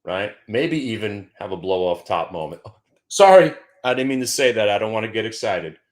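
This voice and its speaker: Animated man riffing on the markets. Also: fairly low pitch, fairly quick. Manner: animated, joking, mock-emotional, repeats himself. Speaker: stock trading show host. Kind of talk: casual market commentary.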